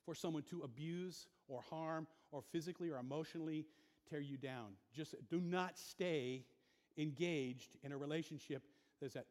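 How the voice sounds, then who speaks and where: A man's voice: fairly high pitch, a little mellow. A male pastor preaching a sermon to a congregation, asking them questions and building to impassioned emphasis. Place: church sanctuary. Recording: long hall reverb.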